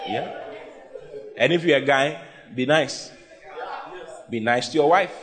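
A male pastor, preaching a humorous sermon, teasing and often shouting to his congregation. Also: medium pitch. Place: church before a live congregation. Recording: congregation noise behind the voice.

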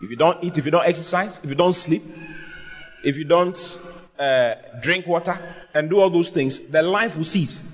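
A man's voice: on the high side, moderate pace. A pastor preaching a sermon, asking his listeners questions and acting out quoted voices. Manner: animated preaching with acted quotes, asks the congregation questions.

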